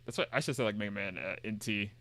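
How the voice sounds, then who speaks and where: A man's voice: lowish voice, fast, pushed and bright. A man streaming a game, chatting casually, reading dialogue aloud and joking in a rambling, repetitive way. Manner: rambling and jokey, reads game dialogue aloud and repeats himself.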